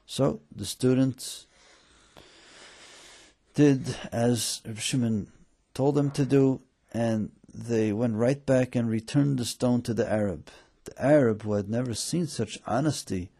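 Gravelly low-voiced man telling a story. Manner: voices characters with lifted excited pitch. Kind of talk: storybook narration.

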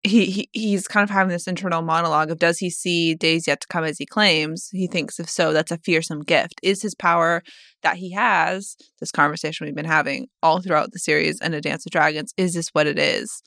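A young woman co-hosting a podcast, discussing a book casually, thinking out loud and reading passages aloud. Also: deep voice, steady tone, fairly quick, gravelly, no echo, studio quality. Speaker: podcast co-host.

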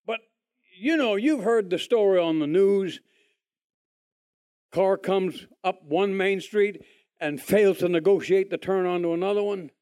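Man, high voice, folksy testimony teller who does the other people's voices. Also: measured pace, smooth. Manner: folksy, animated, acts out other people's lines in a higher voice. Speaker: speaker giving a testimony. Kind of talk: testimony storytelling.

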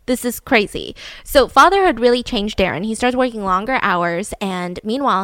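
A young woman tells a true-crime story in a loose, gossipy chat, acting out the quotes as she goes. Her voice sits a little high. The recording is dry and close, with no room around it. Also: a little fast, fairly bright tone, no echo. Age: young adult. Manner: chatty, acts out quotes, laughs often. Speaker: podcast host.

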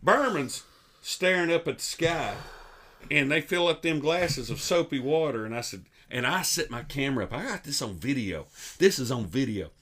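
A man's voice: medium pitch, expressive, normal speed, a bit bright. A man telling comic stories to his friends on a podcast, laughing as he goes. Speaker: comedy podcast host. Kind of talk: storytelling among friends.

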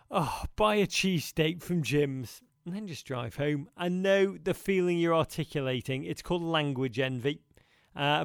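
A man hosting a podcast talks in a rambling, wistful way and leans hard on some words. His voice is gravelly yet smooth and sits a little high for a man. The sound is dry and close to the mic. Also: no echo. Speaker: podcast host. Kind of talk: casual podcast monologue answering listener questions.

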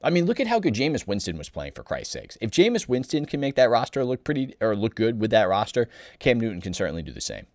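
A man delivering a blunt, opinionated sports talk monologue, exasperated and animated, often restarting his sentences. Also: medium pitch, fast, no echo, clean studio sound. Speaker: sports commentator.

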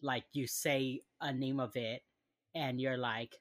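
A woman's voice: rumbling low, steady tone, slow, dry recording. A woman co-hosting a casual chat show, laid-back and teasing, asking questions. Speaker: podcast co-host.

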